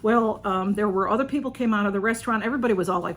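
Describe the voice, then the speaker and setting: A woman telling a story in a casual, excited way, with many restarts and fillers. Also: mid-range voice, very fast, few pauses. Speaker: channel host.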